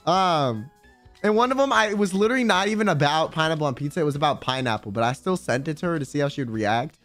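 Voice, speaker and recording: High-voiced joking male streamer. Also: expressive, quick pace, a bit bright. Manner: rambling, crude and joking. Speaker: live streamer. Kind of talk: casual live-stream chat. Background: faint background music.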